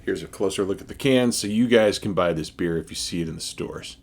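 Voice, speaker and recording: Casting note: man with a low, husky voice, host of an enthusiastic casual tasting vlog. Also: brisk. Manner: enthusiastic, with frequent fillers and restarts. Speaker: beer reviewer.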